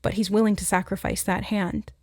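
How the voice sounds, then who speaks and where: A woman giving a channeled tarot reading, earnest and reflective, pausing to relay the messages she hears. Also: mid-range voice, steady tone, darkish tone, no room sound, studio quality. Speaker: intuitive tarot reader.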